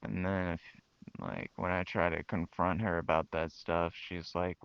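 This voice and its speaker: A man's voice: low-pitched, little pitch movement, a little slow, clear, resonant tone, dry recording. A young man talking frankly to his channel viewers, venting about his family and quoting them in mocking voices. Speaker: channel host. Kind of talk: personal talk to camera. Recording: dull lo-fi mic.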